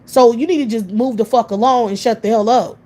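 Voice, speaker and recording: A woman from the United States, her voice sitting a little high, rants with open scorn. She swears constantly and fires off rhetorical questions one after another. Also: fairly quick, mellow. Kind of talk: profane ranting monologue.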